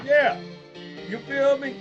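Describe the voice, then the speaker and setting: A man's voice: extremely high pitch, slow pace, lo-fi sound, music in the background. A man hosting a casual chat, talking emphatically in street slang with a slight North Louisiana accent. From Los Angeles. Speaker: host.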